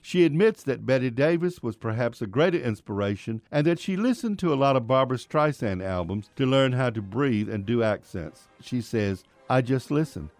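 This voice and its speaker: A man's voice: medium pitch, animated, normal speed, few pauses, a little mellow, dry recording. A man giving a scripted radio commentary on an actress, telling a wry story about meeting her. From Virginia, US. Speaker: radio film critic.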